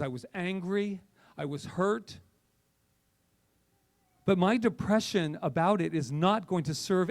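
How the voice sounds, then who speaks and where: A man's voice: fairly high pitch, vocal fry. A male minister preaching a passionate, conversational sermon to his congregation. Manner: impassioned, conversational, animated.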